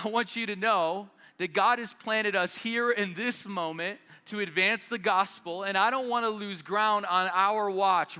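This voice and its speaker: Bright, high-voiced impassioned male pastor. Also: smooth, big-room sound. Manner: impassioned preaching, urgent rallying calls. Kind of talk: sermon. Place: church service in South Denver.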